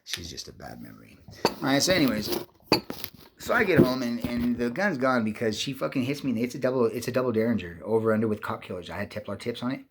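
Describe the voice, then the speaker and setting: A man's voice: medium pitch, sing-song, quick pace, a little hiss or hum. A man telling a personal story in a rambling, profane monologue, agitated and often restarting mid-sentence. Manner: profane, agitated, many restarts and repeated words.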